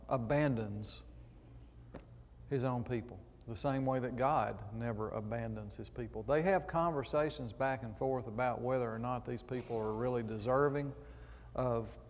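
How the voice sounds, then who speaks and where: A man preaches in a church auditorium, reading scripture aloud and drifting into chatty, conversational asides. His voice sits at an ordinary pitch, and a long reverb from the hall trails behind every phrase. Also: darkish tone, slight background noise.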